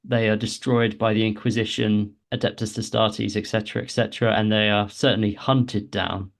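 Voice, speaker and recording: A man's voice: lowish voice, flat delivery, normal speed, gravelly. A man co-hosting a podcast, explaining game lore in a casual, hesitant way, often restarting his phrases. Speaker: podcast co-host.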